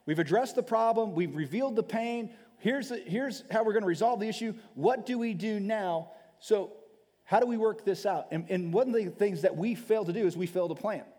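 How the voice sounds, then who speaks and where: A man with a high voice preaches to his congregation, lively and emphatic, slipping into little acted-out quotes and repeating himself as he builds a point. His voice rings through a large hall with a long reverb. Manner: animated preaching, acts out quoted speech, repeats words. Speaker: pastor. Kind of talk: sermon.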